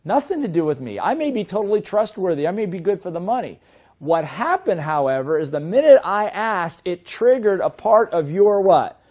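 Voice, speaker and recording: A man's voice: high voice, normal speed. Man teaching, full of rhetorical questions. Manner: lively, asks the audience many rhetorical questions. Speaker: sales and business trainer. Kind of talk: seminar teaching to an audience.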